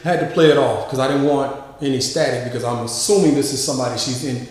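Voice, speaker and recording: A man casually telling a story, with drawn-out fillers and lively quoted lines pitched higher. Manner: drawls, frequent uh fillers and repeats. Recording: very echoey room with long reverb.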